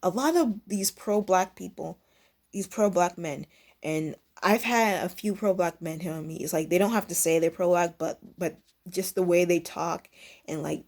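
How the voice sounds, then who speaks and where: Rambling young woman, low-ish voice. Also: moderate pace, a little mellow. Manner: rambling, self-interrupting, mimics others in high squeaky bursts. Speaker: vlogger. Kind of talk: casual storytime vlog.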